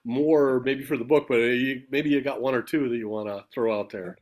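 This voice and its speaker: A man's voice: mid-range voice, steady tone, moderate pace, darkish tone. A man hosting a podcast, prompting his guest and laughing along in casual conversation. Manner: friendly prompting, laughs often. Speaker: podcast host. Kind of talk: casual interview chat.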